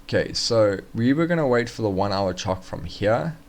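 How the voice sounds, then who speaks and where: A man's voice: fairly low pitch, animated, moderate pace, background noise. A man casually walking through forex charts on a live stream, thinking aloud with fillers and restarts.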